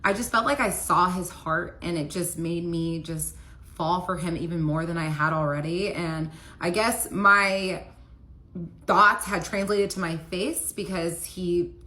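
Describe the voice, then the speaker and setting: A woman's voice: fairly low pitch, steady tone, a little slow, sharp tone. A young woman casually telling a personal story, peppering her speech with "like" as she talks. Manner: casual, heavy use of "like" fillers.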